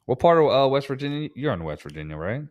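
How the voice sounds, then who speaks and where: A man's voice: medium pitch, sing-song, quick pace, darkish tone, no echo, lo-fi sound. A man co-hosting a podcast in loose, profane, laughing banter. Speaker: podcast co-host. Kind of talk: casual podcast chat.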